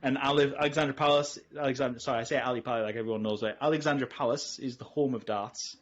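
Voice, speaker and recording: A middle-aged man, co-hosting a casual podcast chat and rambling through animated stories with lots of restarts. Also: mid-range voice, quick pace. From England. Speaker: podcast co-host. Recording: dull lo-fi audio.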